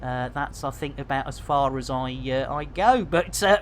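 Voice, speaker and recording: A man's voice: a little high, lively intonation, normal speed, few pauses. Chatty man streaming a game. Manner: chatty, rambling, jokey. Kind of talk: casual live-stream chat.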